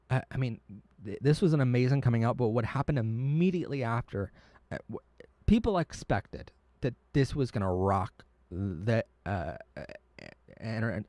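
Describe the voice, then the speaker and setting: A man's voice: medium pitch, a little mellow, dry recording. A man hosting a live stream, talking earnestly and emotionally, often stumbling and restarting his words. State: tearing up. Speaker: livestream host.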